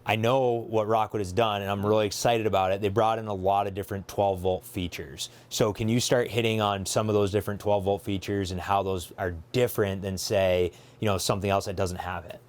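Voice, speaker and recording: A man with a fairly low voice leads a relaxed walkthrough, talking with obvious enthusiasm. He fills his talk with ums and you-knows and often restarts his sentences mid-thought. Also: brisk, hardly any pauses. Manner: eager, filler-heavy, self-correcting. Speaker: dealership host showing a trailer. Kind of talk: casual walkthrough with a colleague.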